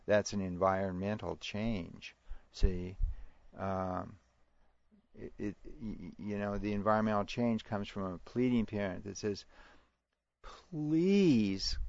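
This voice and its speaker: A middle-aged man, a parenting educator, answering interview questions in a halting way, with restarts and chuckles. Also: sits low, vocal fry, dry recording. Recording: dry, muffled lo-fi recording.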